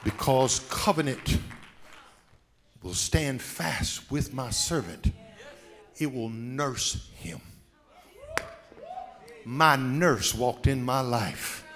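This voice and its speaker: A man pastor preaching a sermon with call-and-response, dropping soft then rising to shouts. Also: mid-range voice, very slow, long pauses. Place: church sanctuary.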